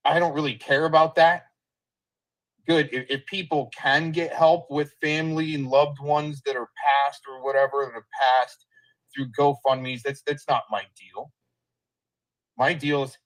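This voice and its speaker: A man's voice: medium pitch, a bit bright, rough recording. A man hosting a livestream, ranting in profane, combative commentary over clips he plays. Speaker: livestream host.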